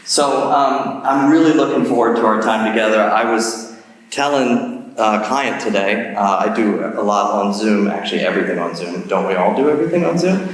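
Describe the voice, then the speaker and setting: A man's voice: lowish voice, moderate pace, distant mic. A man giving a guest lecture in a church, talking in a friendly, self-deprecating, chatty way. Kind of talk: conversational lecture. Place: large church sanctuary. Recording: echoey hall, mic heard from afar.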